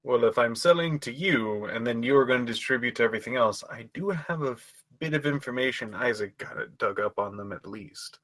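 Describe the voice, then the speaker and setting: A man plays in a tabletop role-playing session, chatting casually and laughing often. His voice is mid-pitched. The sound is dry and close. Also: a little fast, hardly any pauses, a bit bright, no echo. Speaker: player.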